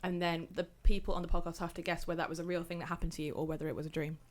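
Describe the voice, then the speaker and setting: A woman's voice: lowish voice, little pitch movement, very fast. A woman from near Bristol co-hosting a podcast livestream, chatting casually and giggling between bites of food. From near Bristol, England. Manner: giggly, chatty while eating. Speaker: podcast co-host.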